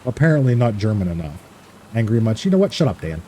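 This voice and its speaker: A man's voice: on the low side, sing-song, fast, warm tone, slight background noise. A man streaming a farming game, chatting casually, reading chat aloud, swearing freely and laughing easily.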